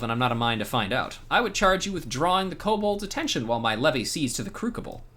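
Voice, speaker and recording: A man voicing a brisk military officer who gives orders in a crisp, commanding way. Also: on the high side, fairly bright tone, voice pushed up.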